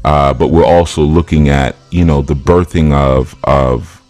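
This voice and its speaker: Super deep-voiced guy doing a chill spiritual talk, jokes around, faint music behind. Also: fairly even intonation, a little slow, darkish tone. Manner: loose, joking, conversational. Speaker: spiritual teacher.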